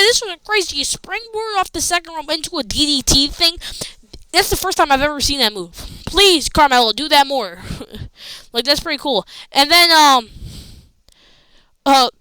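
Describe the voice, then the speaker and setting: A woman casually recapping a wrestling show, rambling excitedly with lots of fillers and restarts. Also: high voice, moderate pace, dry recording, low-quality recording.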